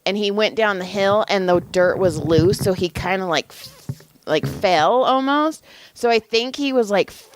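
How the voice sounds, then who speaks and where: Animated, swearing woman podcast co-host. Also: mid-range voice, measured pace, background noise. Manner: animated storytelling, acting out quoted voices, frequent swearing. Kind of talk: casual podcast chat.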